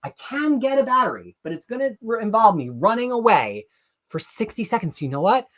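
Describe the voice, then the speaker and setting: A live-stream host chatting casually and reading viewer comments aloud, excitable and rambling, often correcting themselves mid-sentence. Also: medium pitch, brisk.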